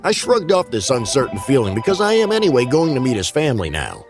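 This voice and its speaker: A man's voice: medium pitch, fast, over music. Man narrating a spooky story. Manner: steady spooky-story reading.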